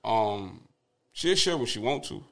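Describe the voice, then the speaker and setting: A young man, a father of twins, telling stories as a podcast guest in a casual, animated, profane way. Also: fairly low pitch, a little slow, creaky. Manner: animated, profane storytelling with laughter.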